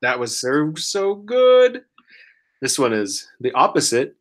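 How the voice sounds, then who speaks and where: A man teaching pronunciation one-on-one, encouraging and full of praise, modeling each word very slowly while sick and clearing his throat. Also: fairly high pitch, very animated. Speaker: language teacher.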